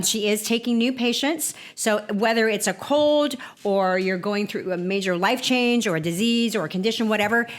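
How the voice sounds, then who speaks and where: A woman's voice: mid-range voice, fairly bright tone. Effusive woman podcast host. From California. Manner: effusive, grateful, rambling. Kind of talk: casual interview chat.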